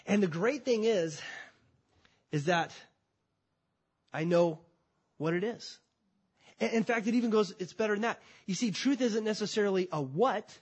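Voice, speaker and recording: A man preaching a sermon to a congregation, emphatic, swinging between loud declarations and quiet, drawn-out phrases. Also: sits high, slightly rough. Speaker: pastor. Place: church before a congregation.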